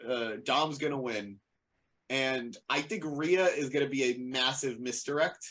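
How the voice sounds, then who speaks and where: A man's voice: medium pitch, measured pace, a bit bright. Playful, rambling man in casual chat. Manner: playful, rambly, corrects himself mid-sentence. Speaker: wrestling podcast co-host.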